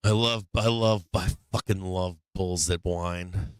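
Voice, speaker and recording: A man's voice: sits low, fairly even intonation, takes it slowly, smooth, dry recording, clean studio sound. A man hosting a casual live stream, swearing a lot, taunting and gleeful, sometimes breaking into a sing-song carnival barker call.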